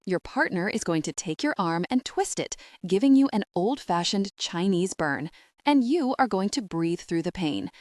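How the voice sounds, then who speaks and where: A woman's voice: medium pitch, expressive, normal speed, a little mellow, no room sound, studio quality, lightly acted. A woman voicing a firm, bossy female antenatal teacher in an audiobook. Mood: instructive. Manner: firm, instructive.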